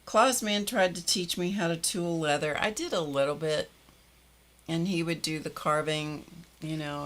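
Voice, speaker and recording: A woman's voice: sits low, fairly bright tone. An older woman hosting a live stream, chatting casually with viewers, greeting them by name and laughing often. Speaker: livestream host greeting viewers. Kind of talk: casual chat reading viewer comments.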